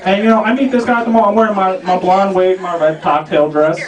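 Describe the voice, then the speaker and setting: A young man doing a stand-up set in a lounge, rambling loosely toward deadpan punchlines. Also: high voice, fast talker, far from the mic. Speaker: stand-up comic. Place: small restaurant lounge stage. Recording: roomy club sound, from off-mic, loud crowd. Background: audience laughter.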